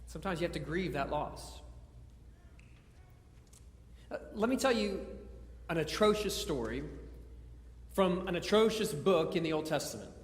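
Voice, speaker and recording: A man's voice: on the high side, expressive, unhurried, pauses often, a little hiss or hum. A man preaching a conversational sermon in a church, mixing jokes with scripture and often stumbling and repeating words. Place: church sanctuary. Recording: echoey church hall.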